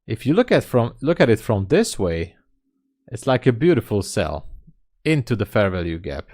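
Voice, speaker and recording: A man hosting a live day trading stream, talking casually and reading chat messages aloud as he thinks out loud. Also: lowish voice, very animated, moderate pace. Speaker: day trading livestream host.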